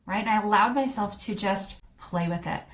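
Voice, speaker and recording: A middle-aged woman with a lilt talks through her own story on a podcast. Her pitch sits in a middling range. She is candid and chatty, full of fillers, and she keeps acting out what she once said to herself. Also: a bit bright. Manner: chatty, candid, fillers and quick self-quotes. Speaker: podcast host, coach. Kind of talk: casual personal storytelling.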